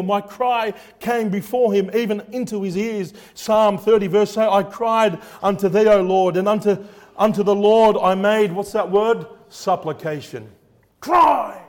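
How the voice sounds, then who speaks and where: A male preacher with a notably high-pitched voice delivers a fervent sermon. He repeats phrases for emphasis and keeps pausing to quiz his congregation on the next word of scripture. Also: darkish tone. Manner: fervent, repetitive, quizzes the congregation.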